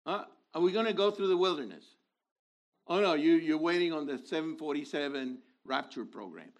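A man in his sixties preaching a sermon, animated, dropping to low asides and rising to loud exhortation. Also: a little fast.

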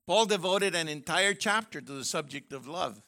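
A man preaching a sermon in an animated, joking way, acting out little voices as he goes. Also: on the high side, moderate pace. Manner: animated, jokey, acts out voices. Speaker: university professor.

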